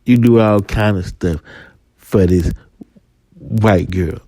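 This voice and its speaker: A man's voice: on the low side, slow pace, dark tone, no echo, clean studio sound. A man voicing cocaine as a tempting woman. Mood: seductive. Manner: taunting, coaxing, possessive.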